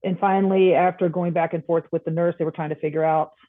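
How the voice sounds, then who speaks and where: A woman guest on a podcast, telling a personal story in a casual, animated way and acting out the dialogue. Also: lowish voice, fast talker, no echo. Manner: animated, acts out quoted dialogue. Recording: tinny phone-like line.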